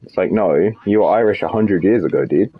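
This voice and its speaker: A man streams a co-op shooter, trading party chat and tossing out sardonic commentary while swearing freely at the game. His low-pitched, husky voice moves fairly quickly and comes through with phone-quality sound.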